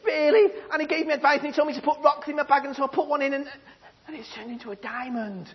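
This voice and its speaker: A man doing an excitable schoolboy. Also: very high-pitched, fast, in a large hall, voice pushed up. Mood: eager. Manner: excited, exclaiming. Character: excitable schoolboy, cheeky and breathless. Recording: dull lo-fi sound.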